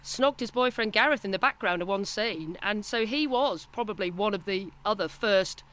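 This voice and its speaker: A woman in her fifties, a broadcaster telling stories as an interview guest in a lively, self-deprecating way. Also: mid-range voice, normal speed. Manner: animated, self-deprecating storytelling. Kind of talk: casual interview chat.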